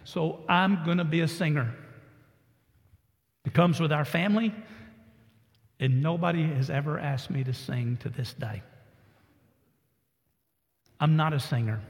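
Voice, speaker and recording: A man's voice: on the high side, long reverb tail. A man in his sixties from Texas, a pastor preaching a sermon with folksy stories that build to emphatic exhortation.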